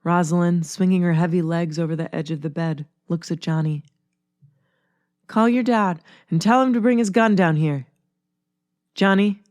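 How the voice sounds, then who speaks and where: A woman narrates a story aloud in a steady, plain manner. Her voice sits on the low side and sounds close and dry, with no room echo.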